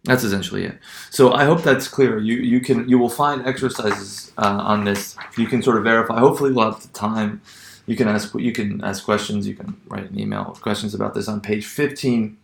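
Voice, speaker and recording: A man's voice: lowish voice, fairly even intonation, fairly quick, creaky, echoey room. A man teaching pronunciation in a recorded lecture, hesitant, with many fillers and restarts, often checking in with "right?".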